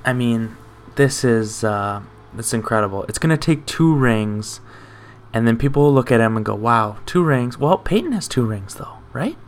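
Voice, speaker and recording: A man's voice: medium pitch, lively intonation, normal speed. A young man hosting a sports show, chatting casually and rambling with self-deprecating asides. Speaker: sports podcast host.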